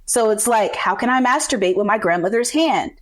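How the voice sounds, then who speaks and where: A woman's voice: medium pitch, lively intonation, a little fast. A woman hosting a podcast in casual chat, candid, swearing freely and laughing often. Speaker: podcast host.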